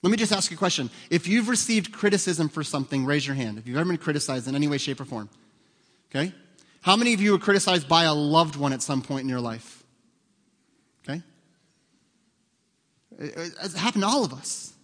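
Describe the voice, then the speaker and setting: Higher-voiced man preaching in a reverberant hall. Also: animated, brisk, pauses often, fairly bright tone. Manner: conversational, asks the congregation questions. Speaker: pastor. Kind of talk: sermon.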